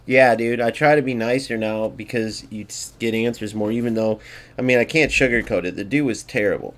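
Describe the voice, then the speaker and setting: A man's voice: mid-range voice, a little fast, a bit bright. A man hosting a gaming video, giving casual gameplay commentary in a blunt, sarcastic way and talking straight to his viewers.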